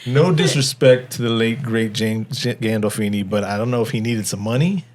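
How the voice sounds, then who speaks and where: A man's voice: medium pitch, normal speed, darkish tone. A man co-hosting a movie review podcast in casual chat, rambling with stumbling restarts and frequent laughs. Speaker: podcast co-host.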